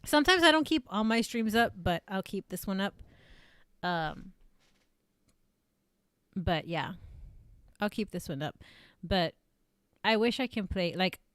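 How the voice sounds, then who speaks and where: A woman's voice: medium pitch, animated, a little slow, long pauses, a bit bright, clean tone, no echo. A woman voice actress chatting casually on a livestream, rambling with lots of fillers and self-corrections. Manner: reads viewer comments aloud. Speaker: streamer and voice actress.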